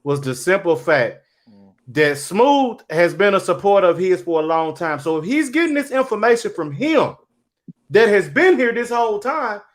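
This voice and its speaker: A man's voice: high voice, very animated, normal speed. A man on a discussion panel who takes the floor and restates another panelist's point. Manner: steering the floor, laying out the point. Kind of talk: panel debate.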